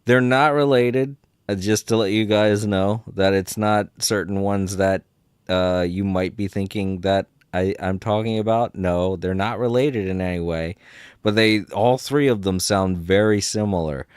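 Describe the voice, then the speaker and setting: A man's voice: lowish voice, fairly even intonation, unhurried, smooth, dry recording, clean studio sound. A man streaming a game, chatting casually and rambling, laughing often and swearing a little. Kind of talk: casual live-stream chat.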